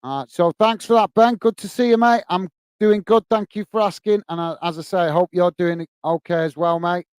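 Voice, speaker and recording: A man hosting a live football stream, commentating on play and chatting warmly with viewers, with frequent fillers and "mate"s. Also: high voice, fairly even intonation, normal speed, clear, resonant tone, no echo. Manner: chatty, greets viewers by name, many fillers. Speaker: host of a fan live stream.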